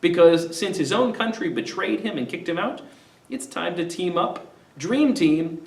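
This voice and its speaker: A man hosting a casual, animated play summary, retelling scenes with quick put-on voices. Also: high-pitched. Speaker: literature discussion host. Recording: roomy echo, mic at a distance.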